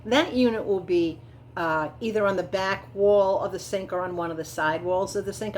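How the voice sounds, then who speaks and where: A middle-aged woman talks casually to her viewers, chatty and enthusiastic, drifting from point to point with small fillers. Her voice sits at an ordinary middle pitch. A faint hiss of background noise runs under the recording. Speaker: vlogger. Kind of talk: casual chat narrating a home build.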